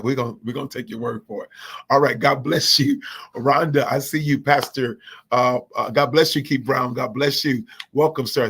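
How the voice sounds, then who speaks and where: A man's voice: mid-range voice, fairly bright tone, breathy edge. A man hosting a church organization's live online chat, energetically calling out viewers by name and blessing them. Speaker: livestream host of a church organization. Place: Indianapolis.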